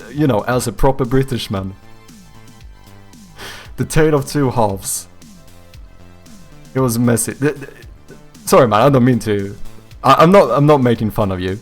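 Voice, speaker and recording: A young man streaming live from home, chatting casually with his viewers, reading their messages aloud and answering them, swearing freely and breaking into laughter often. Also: mid-range voice. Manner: reads out and answers viewer chat. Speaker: streamer and game developer.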